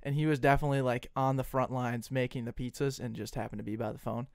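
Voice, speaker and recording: A young man co-hosting a podcast, spinning a story at an easy pace and acting out the people he talked to. His voice sits at a middle pitch and sounds dry and close to a studio mic. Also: fast, creaky, clean tone, dry recording. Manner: animated storyteller, acts out phone calls. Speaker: podcast co-host. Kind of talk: casual storytelling chat.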